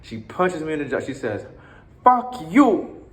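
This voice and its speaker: A man's voice: mid-range voice, animated, a little fast. A man casually telling a long story, in loose slangy talk full of cursing, restarts and asides to his listener. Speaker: storyteller recounting his time abroad.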